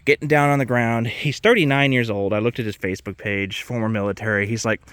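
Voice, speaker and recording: A man's voice: mid-range voice, lively intonation, brisk, hardly any pauses, fairly bright tone, no room sound. A man ranting casually to camera, exasperated and swearing freely about private car sellers. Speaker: vlogger.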